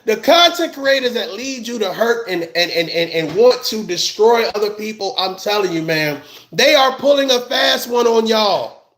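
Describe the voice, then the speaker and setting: A man giving a heated, scolding commentary rant, loud and emphatic, often laughing as he talks. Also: high voice, lively intonation, moderate pace, reverberant. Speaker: commentary vlogger.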